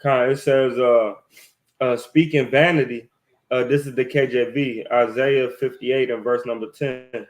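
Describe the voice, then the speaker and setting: Slow, halting man reading scripture. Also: mid-range voice, little pitch movement. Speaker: scripture reader in Bible study.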